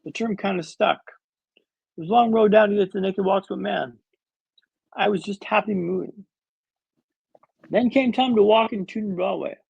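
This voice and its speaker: Husky high-voiced man telling a story. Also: moderate pace, pauses often, darkish tone, no room sound, highs cut off. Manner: dramatic, wry storyteller with comic timing. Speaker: guest speaker. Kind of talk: storytelling in a podcast interview.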